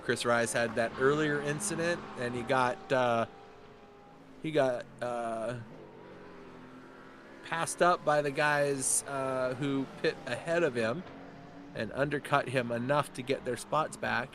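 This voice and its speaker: A male race commentator talking through a sim race in a chatty, excitable way. His voice is bright and forceful. A faint hum of engine noise sits behind him. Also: medium pitch. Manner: chatty, excitable, quick to laugh.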